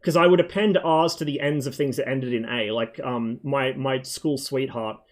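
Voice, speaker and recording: A man's voice: mid-range voice, steady tone, normal speed. A man streaming a flight game, chatting in a loose, rambling way with frequent swearing and plenty of ums. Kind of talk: casual rambling stream chat.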